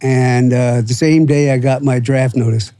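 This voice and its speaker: Rambling profane older man, mellow voice. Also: mid-range voice, steady tone, measured pace, clean tone. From Florida. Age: 70s. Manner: rambling, profane, full of fillers and acted quotes. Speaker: podcast guest. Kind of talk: casual storytelling.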